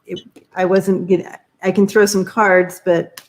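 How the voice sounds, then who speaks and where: A woman doing tarot readings on a live stream, talking in a halting, searching way with many fillers while giving gentle advice. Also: fairly low pitch, little pitch movement. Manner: encouraging, gives gentle advice. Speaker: tarot reader.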